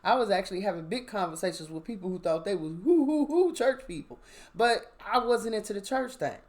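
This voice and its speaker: A woman, a mother, telling a casual, animated story about her spiritual experiences and checking in with the listener. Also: medium pitch, fairly quick. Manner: animated, conversational, asks listener "you understand?". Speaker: spiritual vlogger.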